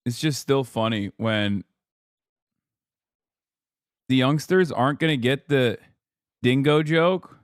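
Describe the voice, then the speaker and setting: A man's voice: mid-range voice, lively intonation, a little slow, long pauses, no echo, studio quality. A man streaming political reaction commentary, talking casually in a sarcastic, profane and mocking way.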